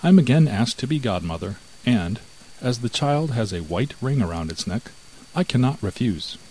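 A man's voice: medium pitch, lively intonation, normal speed, a little mellow, slight background noise, natural voice, rough recording. Man doing a sly greedy cat. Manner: cool and evasive.

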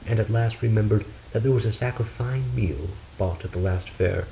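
A man narrating a fairy tale in a steady, measured storybook reading. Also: on the low side, gravelly, a little hiss or hum, poor audio.

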